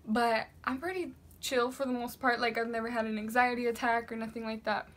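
A young woman talks through a Q&A vlog, loud and sassy. Her voice sits a little high. It has a bright, sharp edge. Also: steady tone, fairly quick. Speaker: vlogger. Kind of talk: casual Q&A vlog.

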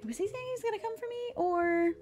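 A woman streamer giving let's play commentary, excitable, often gasping and shrieking. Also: extremely high pitch, brisk, soft background music. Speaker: gaming streamer.

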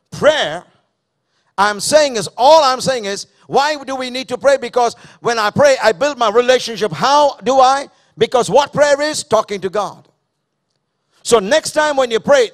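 A man delivers a Sunday sermon. He preaches emphatically and circles back to the same phrases. He keeps testing the congregation with direct questions. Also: sits high. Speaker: pastor. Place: church service.

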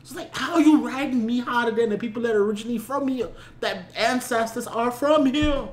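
A man's voice: extremely high pitch, brisk, reverberant, a little hiss or hum. A man hosting a reaction video, ranting casually with sudden swings in volume. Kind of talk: ranting commentary.

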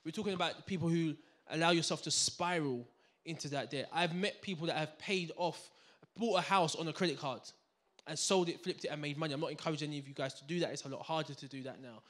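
A man giving a live finance seminar to a room audience, energetic and full of banter, quizzing the crowd. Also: a little high, fast. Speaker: seminar speaker.

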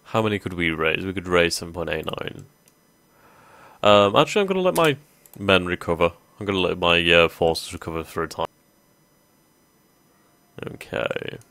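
A man's voice: sits low, very animated, moderate pace, pauses often, a bit bright, no echo. A man hosting a strategy game let's play, thinking aloud casually with many ums. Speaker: gaming video host.

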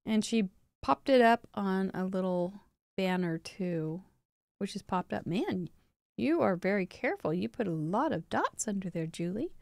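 A woman's voice: medium pitch, lively intonation, a little slow, creaky, dry recording. A woman chatting casually as host of a live crafting show, opening mail from viewers and laughing often. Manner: chatty, warm-hearted, laughs often, yawning from a long day.

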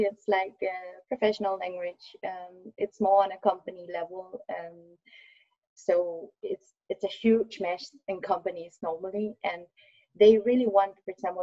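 A woman from Copenhagen with a Danish accent, a language teacher talking on a video call, laughing often and pausing with fillers. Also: mid-range voice, dark tone. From Denmark, Copenhagen. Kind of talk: casual video call chat. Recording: dull lo-fi video call audio.

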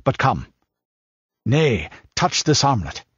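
A man's voice: medium pitch, very animated, slow pace, a bit bright, breathy edge, dry recording, muffled recording, full character voice. A man voicing a fierce, proud Pictish warrior who speaks in a guarded, curt and sneering way. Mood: guarded scornful.

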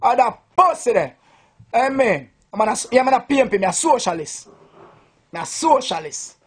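A man's voice: extremely high pitch, very animated, normal speed, husky. A Jamaican man, a sound system selector, drunk and boasting in a rambling, profane rant to the camera.

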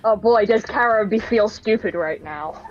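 A woman playing a tabletop game and talking casually in an expressive, jokey way. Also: mid-range voice, normal speed. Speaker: player. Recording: dull lo-fi audio.

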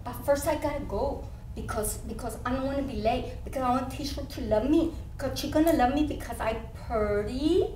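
Her high, natural-sounding voice has a dark tone and runs a little fast as she portrays a chatty, proud first-grade girl in her one-woman show. The character speaks childlike English with a San Antonio Spanish-influenced accent and slips into Spanish. The audio is roomy, captured from far off, with faint hiss.

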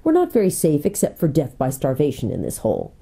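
A woman's voice: sits low, huge pitch swings, fast, creaky, warm tone, slightly rough, full character voice. A woman voicing a gloomy grown male marsh creature who talks in a glum, fatalistic way.

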